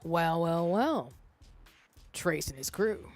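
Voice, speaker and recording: Animated young woman streaming a game. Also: lowish voice, faint music behind. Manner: animated, chatty, quick to laugh. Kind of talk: casual gaming stream chat.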